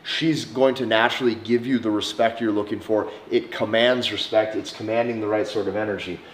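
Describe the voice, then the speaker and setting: Man coaching in a slow, deliberate voice. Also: fairly low pitch, steady tone, slight background noise. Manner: slow, deliberate delivery with soft acted-out examples. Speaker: dating coach. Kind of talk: instructional monologue to camera. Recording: echoey room.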